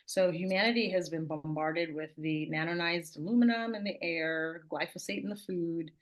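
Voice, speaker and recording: Low-voiced woman asking questions. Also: normal speed. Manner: asks questions, lists points methodically. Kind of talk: casual spiritual chat.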